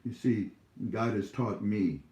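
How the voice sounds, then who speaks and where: A man's voice: on the low side, slow pace, warm tone, roomy sound, rough recording. A man hosting his own YouTube channel, talking casually to viewers from home in a scolding, preachy way, rambling with many fillers.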